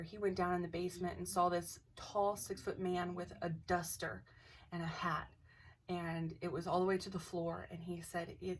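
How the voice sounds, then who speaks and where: A woman's voice: fairly low pitch, husky, far from the mic. A woman casually telling a personal ghost story to camera, rambling and acting out what people said. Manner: animated, rambling, acts out quotes.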